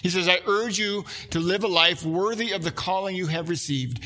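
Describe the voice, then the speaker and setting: A male pastor with a fairly high, husky voice delivers a sermon. He keeps it conversational, often turning to his listeners with questions. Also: normal speed, sharp tone. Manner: conversational, asks the congregation questions.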